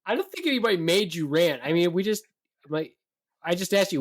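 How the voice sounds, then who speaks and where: A man's voice: sits high, animated, brisk, dry recording, studio quality. A man co-hosting a casual podcast chat, blunt and teasing in how he talks. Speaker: podcast co-host.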